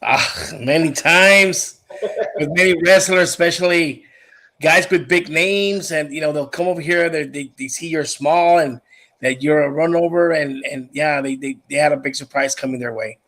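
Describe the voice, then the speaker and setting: A man co-hosting, talking slowly and emphatically about wrestling, repeating words. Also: a little high, steady tone, pushed and bright. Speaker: co-host wrestler. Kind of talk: casual chat.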